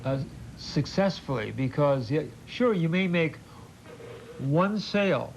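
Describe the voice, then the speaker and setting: Older man pitching cars on TV. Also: expressive, gravelly. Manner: halting, repeats words, jokey. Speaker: TV host doing an in-studio ad. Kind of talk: folksy on-air sales pitch. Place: TV studio. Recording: muffled old TV broadcast with faint hiss.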